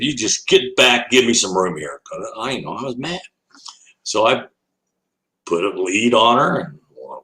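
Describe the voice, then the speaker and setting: A man's voice: fairly low pitch, a bit bright, rough recording. An older man, an animal educator, telling a long anecdote as an interview guest, laughing often and acting out the voices in his story.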